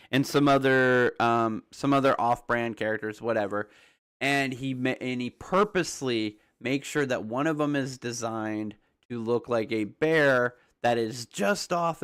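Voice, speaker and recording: A young YouTuber explains game theories in a rambling, conversational way, often checking in with the listener by asking "right?" His voice is medium-pitched, smooth, and fairly bright.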